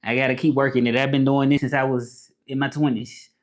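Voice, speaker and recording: A man's voice: mid-range voice, little pitch movement, fairly quick. A young man with a Southern American accent, chatting loosely on a live stream, greeting viewers and dropping in short French phrases that he then translates. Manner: greets chat viewers by name. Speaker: vlogger live-streaming to followers. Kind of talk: casual live-stream chat.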